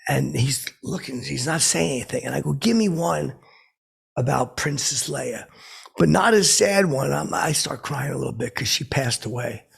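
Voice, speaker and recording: A man's voice: medium pitch, moderate pace, a bit bright, full character voice. A man playing an oblivious, boastful washed-up male radio DJ who tells a rambling comic story, stammering and repeating himself. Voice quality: gravelly, extremely raspy. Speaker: comedy podcast host playing a character.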